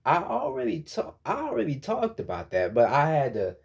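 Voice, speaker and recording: A man's voice: on the high side, huge pitch swings, normal speed, vocal fry, slightly rough, highs cut off. A man giving a casual spiritual monologue as a vlogger, lecturing bluntly with heavy profanity and frequent repetition.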